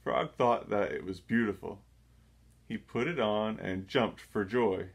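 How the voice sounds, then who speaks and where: Slow, low-voiced man reading a storybook. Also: creaky, breathy edge. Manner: slow, gentle, measured. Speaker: storybook reader. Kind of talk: children's read-aloud narration.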